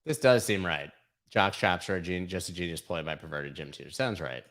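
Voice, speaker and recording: A man's voice: deep voice, brisk, fairly bright tone. A man hosting a crypto livestream, going over charts in casual, irreverent commentary full of swearing and mockery. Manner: irreverent, profane, mocking.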